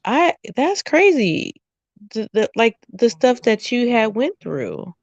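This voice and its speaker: A woman co-hosting a talk show who responds in a measured, reflective way and uses clinical terms. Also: a little high, big pitch swings, no echo, lo-fi sound. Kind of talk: reflective conversation.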